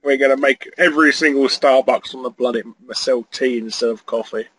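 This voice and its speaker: A man as an interview guest, trading deadpan, mock-menacing jokes in casual chat. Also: mid-range voice, brisk, crowd noise, rough recording.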